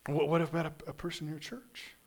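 A man from Kansas delivers a sermon in an easygoing, conversational way. His voice sits a little high for a man, and he keeps stumbling over and repeating words as he talks. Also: a little fast, gravelly. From Kansas, USA. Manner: conversational, animated, many restarts and stammered repeats. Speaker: pastor.

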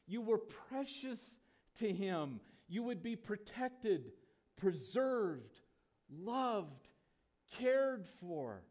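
A man's voice: high-pitched, very animated, very slow, a little mellow. A pastor preaching a sermon to his church, emphatic and full of rhetorical questions.

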